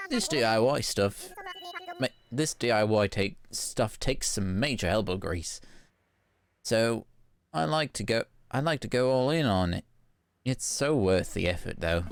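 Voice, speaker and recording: A woman's voice: rumbling low, heavily acted. A woman voicing a peppy, enthusiastic female crafting villager who talks in a bubbly, teasing way.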